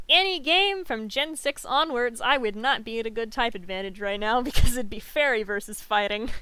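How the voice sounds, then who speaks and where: A woman's voice: fairly high pitch, bright, forceful tone, clean tone, dry recording. A young woman from the Southern US with a light Southern accent, chatting casually and giggling often while streaming a game. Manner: chatty and giggly, rambling with many fillers.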